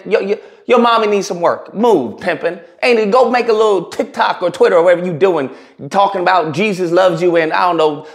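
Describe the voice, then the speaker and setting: A man giving blunt, provocative opinion commentary on a video, talking in a mocking and emphatic way. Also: high voice. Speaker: commentary YouTuber.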